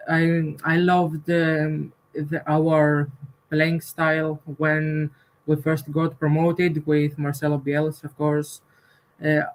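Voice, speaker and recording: A man's voice: a little high, rough recording. A man from Greece, calling in to a fan show, speaking hesitantly and searching for words over an online call. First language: Greek. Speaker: caller. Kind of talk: call-in chat. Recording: online call with connection dropouts.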